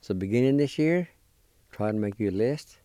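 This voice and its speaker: A radio language lesson led by a man. He speaks in a low, warm, unhurried voice, spelling each word letter by letter. The sound is close and dry, and he cheers his listeners on. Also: animated, dry recording. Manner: slow, careful spelling and pronouncing of words; encouraging toward listeners. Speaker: language teacher and show host.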